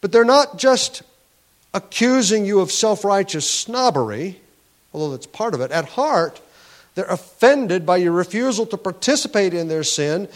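A man's voice: sits high, big pitch swings, moderate pace. Man preaching with rising emphasis. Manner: earnest teaching with rising emphasis and frequent restarts. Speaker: pastor. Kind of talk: sermon.

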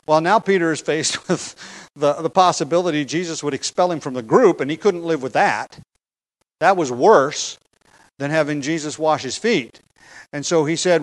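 A man with a fairly high voice teaches through a scripture passage in a sermon. He speaks emphatically, pausing on key words and sometimes chuckling as he explains. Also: expressive, rough recording. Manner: expository teaching, emphatic, with occasional fillers and chuckles. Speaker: preacher.

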